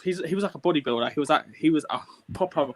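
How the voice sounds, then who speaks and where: A man's voice: fairly high pitch, racing, a little hiss or hum. A British man co-hosting a podcast, chatting casually and restarting his sentences mid-thought. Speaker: podcast co-host. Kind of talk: casual chat.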